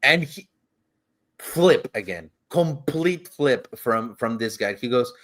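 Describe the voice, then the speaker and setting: A podcast co-host with a mid-range voice and a slightly slow delivery rambles through a travel story in casual chat. He swears freely and acts out the quotes in shifting voices.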